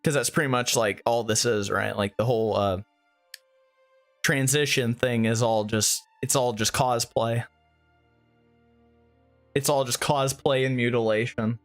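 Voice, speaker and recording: A man's voice: medium pitch, fairly even intonation, measured pace, pauses often, soft background music. A man co-hosting a livestream, reacting to clips with casual, mocking commentary. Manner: sarcastic, mocking. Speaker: livestream co-host.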